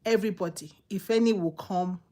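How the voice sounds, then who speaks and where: A woman with a Nigerian English accent preaching a sermon, emphatic and repetitive, swinging between loud exhortation and quiet asides. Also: medium pitch, fairly quick.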